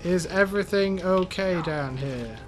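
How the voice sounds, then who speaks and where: A man's voice: high-pitched, measured pace, noisy background. A young man casually commentating a co-op shooter game, joking, swearing and narrating his own moves. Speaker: gameplay commentator.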